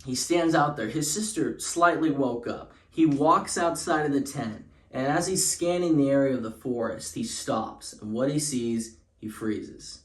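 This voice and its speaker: A man's voice: mid-range voice, a little slow, few pauses, roomy sound. A young man telling a parody spooky story in a rambling way, with lots of fillers and restarts.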